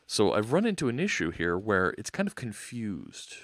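A man's voice: fairly low pitch, huge pitch swings, moderate pace. A man hosting a live coding stream, thinking aloud as he works and chatting with viewers. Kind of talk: casual live coding narration.

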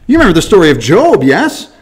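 A man teaching the Bible to his church verse by verse, in an animated, conversational way, asking the listeners rhetorical questions and acting out little scenes. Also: high voice, fast talker, slightly rough.

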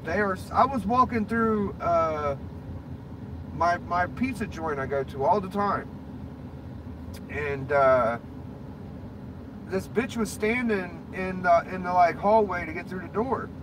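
A man with a fairly high voice rants in a loose, rambling way, swearing constantly and speaking bluntly. He records from inside a car, with road and engine noise clearly audible behind him. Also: slow, long pauses. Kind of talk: casual ranting chat.

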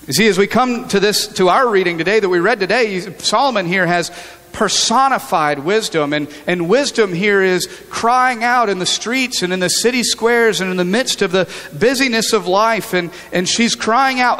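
The voice of this pastor is high-pitched and fairly bright, at a normal speed, echoing through a large hall. He gives an earnest, conversational sermon and frequently begins sentences over.

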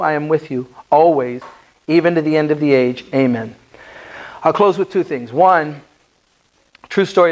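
A male pastor giving a conversational Bible-study sermon in a church, animated and firing rhetorical questions at the congregation. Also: a little high.

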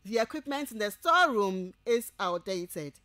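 In this radio lecture for university students, a woman with a Ghanaian English accent dictates slowly, repeating every point and checking understanding. Her medium-pitched voice is pushed and bright, with big pitch swings and no echo.

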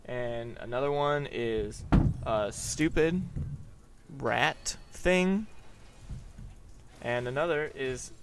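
A young man giving goofy, self-mocking commentary while he plays a video game and answers viewer questions, often breaking into high yelps. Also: drawn-out words, long pauses, background noise. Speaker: gaming vlogger. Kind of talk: gameplay commentary with Q&A.

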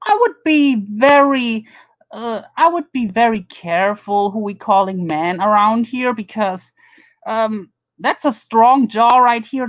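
Slow-talking German-accented woman streamer. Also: a little high, no room sound. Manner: profane, mocking, greets viewers one by one. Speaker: drama commentary streamer. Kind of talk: live stream chat commentary.

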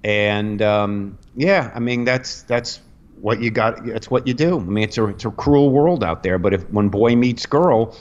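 A middle-aged man, a comedian guest, telling a long rambling story on a podcast, animated and full of restarts. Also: fairly low pitch, a little slow, hardly any pauses. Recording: dull lo-fi podcast audio.

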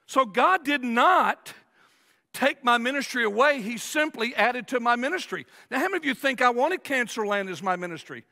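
A man preaching in a large church sanctuary with a very high, gravelly voice. His tone is bright and sharp, and his words ring out with a long hall reverb. He preaches emphatically. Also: expressive, normal speed. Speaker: pastor. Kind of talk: sermon.

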